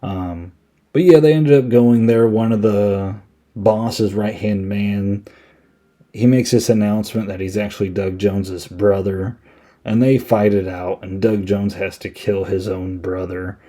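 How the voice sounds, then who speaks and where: A man's voice: lowish voice, fairly even intonation, a little slow, dark tone. A man hosting a podcast, recapping a movie in a casual, rambling way, full of "like" and "um". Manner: rambling, filler-heavy, laid-back. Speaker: podcast host.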